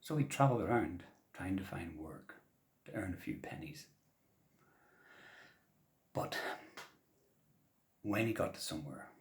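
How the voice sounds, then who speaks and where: A man telling traditional stories to children in a gentle, soft-spoken way that often drops to a whisper. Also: sits low. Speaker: traditional storyteller. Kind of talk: storytelling for children.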